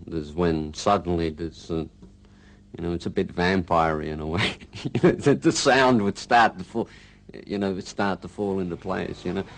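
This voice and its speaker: Very low, gravelly rambling man. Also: slight background noise, poor audio. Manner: rambling and halting, full of "you know". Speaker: rock guitarist. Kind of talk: casual interview reminiscence.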